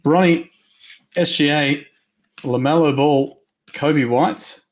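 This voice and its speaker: A man hosting a live trading card break, rattling off names quickly and upbeat, his voice going hoarse. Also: on the high side. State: losing his voice.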